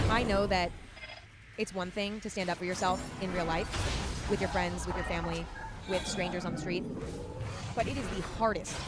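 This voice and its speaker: A woman hosting a podcast, giving casual advice in a fast, emphatic and chatty way. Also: mid-range voice. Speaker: podcast host. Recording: loud music under the voice. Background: loud music.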